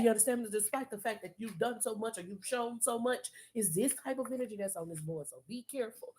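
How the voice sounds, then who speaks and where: A woman's voice: a little high, fast talker, few pauses, darkish tone. A woman reading tarot on a live stream, coaching the viewer in an emphatic, streetwise, profane way and repeating phrases for emphasis. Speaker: tarot reader.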